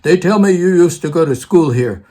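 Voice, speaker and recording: A man's voice: a little high, lively intonation, normal speed, dark tone. A man imitating an old male theater professor with a Russian accent, brusque in manner.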